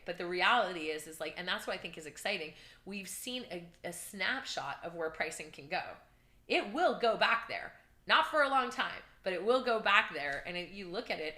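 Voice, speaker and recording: A woman, a real estate coach and podcast guest, chatting energetically and telling animated stories. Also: medium pitch. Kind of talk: casual podcast chat. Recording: roomy echo.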